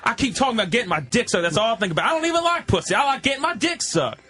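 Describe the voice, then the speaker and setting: A man doing a crude, vulgar drifter in his mid-thirties who bellows his boasts. The voice is pushed up high and bright, loud and coarse, on a radio comedy show. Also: expressive, racing, full character voice. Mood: crude boasting. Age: 35 (figure).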